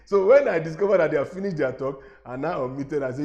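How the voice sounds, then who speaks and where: A middle-aged man with a Nigerian accent, teaching a webinar on a lapel mic, animated and repeating himself as he talks straight to his listeners. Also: high voice, fast talker, muffled recording.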